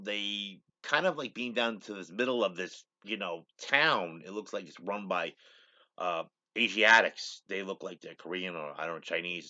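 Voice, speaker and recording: A man's voice: deep voice, pushed and bright, dull audio. A man hosting his own show, casually retelling a TV episode in a rambling way, saying "he goes" over and over. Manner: rambling, repeats "he goes" constantly. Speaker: show host.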